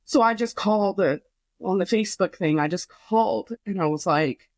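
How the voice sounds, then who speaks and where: A woman's voice: mid-range voice, fairly quick, no echo. A woman telling her grief story. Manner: rambling, many fillers, swears, quotes herself. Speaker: podcast guest. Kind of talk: emotional personal story.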